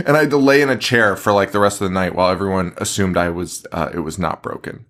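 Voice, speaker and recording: A man's voice: low voice, quick pace, hardly any pauses. Swearing, rambling male podcast co-host. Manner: swears constantly, animated storytelling. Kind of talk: casual chat. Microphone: remote recording.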